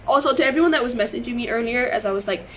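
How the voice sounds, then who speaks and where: A woman's voice: on the high side, very fast, fairly bright tone, slight background noise, low-quality recording. A woman telling her story on a live stream, shaken and close to tears, rambling, apologizing and restarting her sentences. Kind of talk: emotional live stream monologue.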